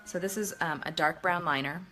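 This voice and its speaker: Talking a little fast over music, a middle-aged woman with a lowish voice chats her way through a makeup tutorial. She's self-deprecating and keeps up the conversation while she works.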